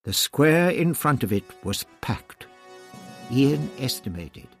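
A man narrating an audiobook in a measured, storytelling way. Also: medium pitch, very animated, breathy edge, soft background music.

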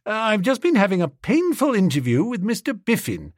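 A man voicing an impulsive young gentleman who talks in a chummy, excitable way. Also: high voice, a little fast, no room sound, studio quality, pitched above the performer's own voice, exaggerated voice. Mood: breezy.

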